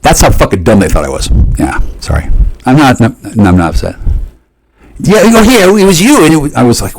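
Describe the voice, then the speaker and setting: A man in a rambling, profane monologue, often restarting and jumping suddenly up in pitch. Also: sing-song, a little fast, poor audio.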